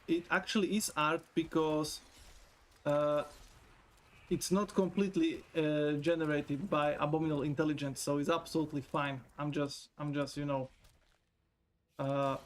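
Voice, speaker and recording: A man chatting on a live stream in a loose, rambling way, his voice sitting a little high for a man. He swears freely, laughs often and reads viewers' messages aloud from a desk mic. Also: fairly even intonation, measured pace, long pauses. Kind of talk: casual live-stream chat.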